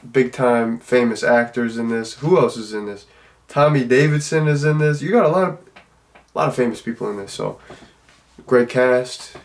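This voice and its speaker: Rambling man reviewing a film. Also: mid-range voice. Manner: rambling, loose and conversational. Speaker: movie reviewer. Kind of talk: casual spoken film review.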